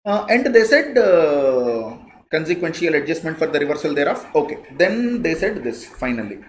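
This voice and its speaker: Teaching a live online class, a man with an Indian English accent speaks in a very animated, emphatic, conversational way at a moderate pace, driving points home by repeating key phrases. His pitch moves broadly on stressed words, and the echoey room carries a faint hiss.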